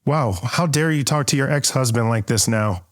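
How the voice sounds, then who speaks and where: A man's voice: medium pitch, moderate pace, close to an everyday voice. A man playing a stubborn husband in an improv comedy scene, insistent and mock-indignant.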